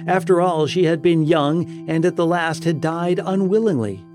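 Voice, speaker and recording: A man narrating an audiobook tale in a measured, solemn storytelling manner. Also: a little high, a little mellow. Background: music.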